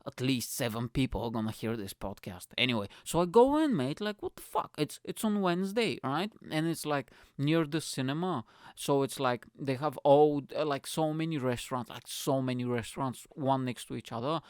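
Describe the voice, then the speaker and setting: A young man hosting a comedy podcast from home, ranting in a profane, animated way. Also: a little high, moderate pace, clear, resonant tone, no room sound, clean studio sound. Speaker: podcast host.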